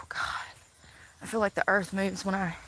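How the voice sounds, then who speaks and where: A woman's voice: medium pitch, flat delivery, takes it slowly, a bit bright, roomy sound, slight background noise, low-quality recording. A woman chatting casually on a livestream, rambling, sighing and laughing at herself. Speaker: vlogger. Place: outdoors in the woods.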